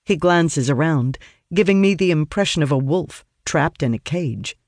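A man reading a fantasy story aloud in a steady storytelling manner. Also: a little high, moderate pace, dry recording, studio quality. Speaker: audiobook narrator. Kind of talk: scripted fantasy narration.

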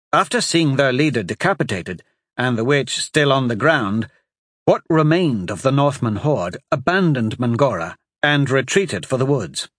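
A man reading a fantasy story aloud as narrator, in a steady, dramatic storytelling manner. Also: medium pitch, no room sound, clean studio sound. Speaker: audiobook narrator. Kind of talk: scripted narration.

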